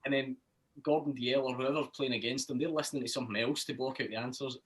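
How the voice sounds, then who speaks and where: A man's voice: medium pitch, steady tone, fast, low-quality recording. A man who runs a phone quiz segment, telling a story in casual, rambling chat.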